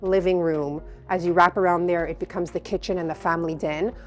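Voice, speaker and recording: A woman's voice: on the low side, steady tone, a little fast, soft background music. A woman, an interior designer, describing a home effusively while walking a building site. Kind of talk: casual walkthrough conversation. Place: on site at a house under construction.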